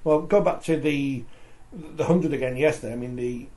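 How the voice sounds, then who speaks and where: A man's voice: medium pitch, moderate pace, dark tone. A man hosting a sports talk show, chatty and reading out viewer comments. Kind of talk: casual studio discussion.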